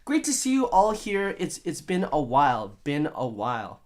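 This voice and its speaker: A man hosts a casual live stream from his home studio, reading viewer comments and rambling along. He jokes and plays with words, and his pitch bounces around in a lively, animated way. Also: normal speed. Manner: playful, rambling, jokey wordplay.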